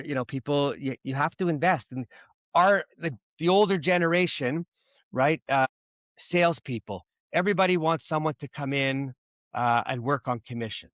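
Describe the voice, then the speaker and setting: A man's voice: medium pitch, fairly bright tone, dry recording. Man, middle-aged, from Canada, podcast host, blunt and profane rant, dry close sound. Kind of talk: casual chat.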